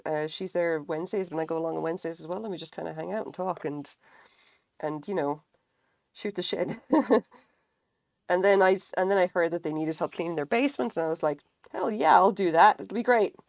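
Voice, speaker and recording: A woman's voice: darkish tone, no echo. A tired woman chatting casually on a live stream while she crochets, rambling and self-deprecating, swearing now and then. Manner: rambling, self-deprecating, acts out quotes in higher voices.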